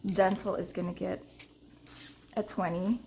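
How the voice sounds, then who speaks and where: A young woman vlogging about budgeting, telling a story to her viewers in an animated, casual way. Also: a little slow, slight background noise. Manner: counts cash in a low murmur.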